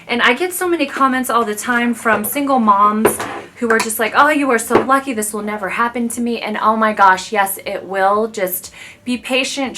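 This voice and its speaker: A woman in her thirties talks to her viewers while doing her makeup at home, gushing and confiding as if to close friends. Her voice is bright and forward, at a middle pitch. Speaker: beauty vlogger. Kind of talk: chatty get-ready-with-me talk.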